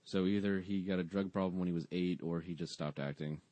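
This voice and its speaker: A low-pitched man with a dark, mellow tone talks casually on a podcast, retelling a TV episode with dry, mocking sarcasm. The sound is close and dry, with no room around it. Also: steady tone, a little fast, no echo. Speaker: podcast co-host. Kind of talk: casual chat recapping a sitcom episode.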